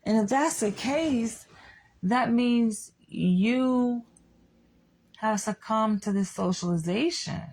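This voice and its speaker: A woman's voice: a little high, takes it slowly, darkish tone. A young adult woman giving a blunt, candid monologue to her audience, swearing freely as she states her opinions. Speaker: vlogger.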